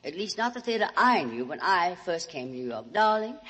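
Southern woman radio host, theatrical drawl, wide-ranging pitch, roomy hall echo on an old broadcast. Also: big pitch swings, a little fast, a bit bright. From Alabama. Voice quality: theatrical, drawling, calls everyone darling. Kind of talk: comedy monologue.

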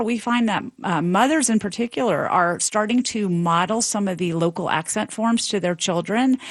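A middle-aged woman professor explaining her research in a radio interview, measured and lecture-like, with light laughs. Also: mid-range voice, no echo. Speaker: linguistics professor and author, interview guest.

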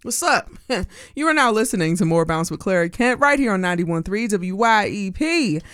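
A woman from Pennsylvania hosting a radio music show, chatty and bubbly, her pitch and pace jumping around as she talks. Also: animated, moderate pace, a bit bright, a little hiss or hum. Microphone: studio mic. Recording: dry studio sound.

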